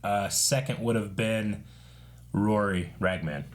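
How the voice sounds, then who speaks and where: A man's voice: lowish voice, slow pace. A man co-hosting a reaction show, chatting casually and hesitantly with fillers. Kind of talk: casual chat.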